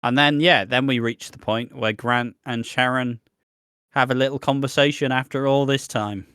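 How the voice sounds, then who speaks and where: A man's voice: mid-range voice, steady tone, moderate pace, fairly bright tone, clean tone, dry recording. Brief: male podcast co-host, jokey and sweary, mid-range voice, dry close sound. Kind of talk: casual chat recapping a soap.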